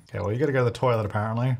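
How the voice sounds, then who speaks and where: A man's voice: medium pitch, vocal fry, slight background noise. A young man giving casual, joking commentary as he plays a life-sim game and talks to its characters. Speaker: gaming YouTuber.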